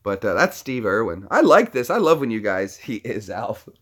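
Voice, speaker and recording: A man's voice: fairly low pitch, very animated, normal speed, fairly bright tone. A man in his thirties chatting casually about his voice impressions, self-critical and laughing often. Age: 30s. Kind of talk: casual chat.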